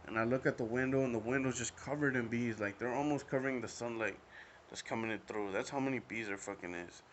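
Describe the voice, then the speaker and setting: A man's voice: mid-range voice, fast talker, a little hiss or hum. Rambling young man telling a story. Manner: rambling, full of fillers and swearing. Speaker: podcast host. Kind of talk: casual storytelling monologue.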